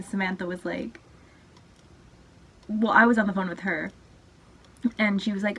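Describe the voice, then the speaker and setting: A woman's voice: mid-range voice, slow pace, long pauses, a bit bright, slightly rough. A young woman hosting a casual couple's video, telling stories with frequent laughs. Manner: giggly storyteller. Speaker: channel host. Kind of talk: casual chat.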